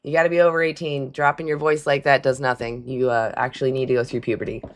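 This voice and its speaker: A woman's voice: rumbling low, flat delivery, quick pace, slight background noise. A woman hosting a live call-in stream, talking bluntly and mockingly to callers. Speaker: livestream host taking callers.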